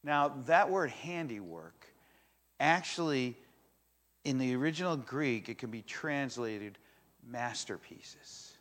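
An older man preaching a sermon to a congregation, telling a story with animated energy and acting out the voices in it. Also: medium pitch, a little slow. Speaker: pastor. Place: church in front of a congregation.

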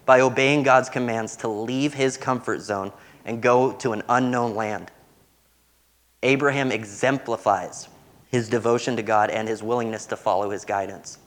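A young man preaching a sermon, earnest and warm-humored as he tells stories. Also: medium pitch, steady tone, normal speed.

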